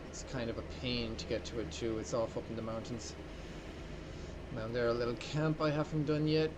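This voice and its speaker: An Irish man giving gameplay commentary in an older recorded video, earnest and trying to sound animated. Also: medium pitch, fairly quick, background noise. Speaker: gamer narrating his gameplay.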